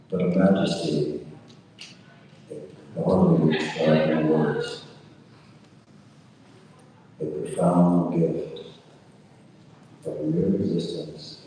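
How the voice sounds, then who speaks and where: Man, very low voice, unhurried and halting storyteller, distant in a long-reverb hall. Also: warm tone, slight background noise. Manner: halting, with many "uh" fillers and repetitions. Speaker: storyteller recounting a personal experience. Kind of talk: slow reflective storytelling.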